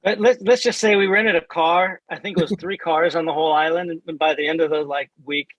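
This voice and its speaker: A man, a band's bassist, recalling past recording work in a relaxed podcast interview. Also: a little fast, no echo, dull audio. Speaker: band bassist.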